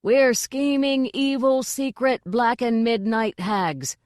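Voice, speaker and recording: Nervous young male apprentices cast as stage witches call out in raised, higher voices , put on by a woman reading a story. The sound is dry and close. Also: unhurried, no echo, close to an everyday voice. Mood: jittery. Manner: meek, then shouting.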